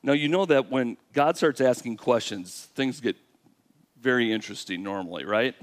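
A male pastor with a medium-pitched voice preaches a sermon at normal speed. He tells the story with animation, acting out the lines of God and Moses, and puts questions to his listeners.

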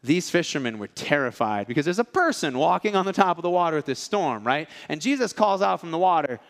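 A man's voice: on the high side, a little fast, gravelly. A male preacher giving a casual, joking sermon, acting out the lines of people in his stories. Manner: animated, acts out characters' lines. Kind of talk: storytelling sermon.

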